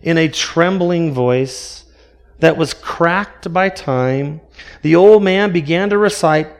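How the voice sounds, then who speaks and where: A man's voice: a little high, slow pace. A man preaching a sermon as pastor, earnest and full of rhetorical questions.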